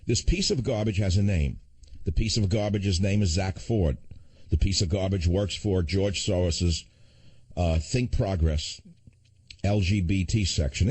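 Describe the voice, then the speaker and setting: A man's voice: low-pitched, darkish tone, husky. An older man hosting a political talk radio show, combative and sarcastic, rambling through asides.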